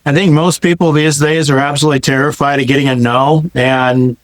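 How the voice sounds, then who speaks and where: A man with a fairly high, smooth and clear voice speaks as a podcast guest. He talks bluntly, with a joking edge. The sound is dry and close. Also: little pitch movement, a little fast, dry recording, poor audio. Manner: blunt, joking, plainspoken storyteller. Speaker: guest, wealth manager. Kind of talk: casual interview chat.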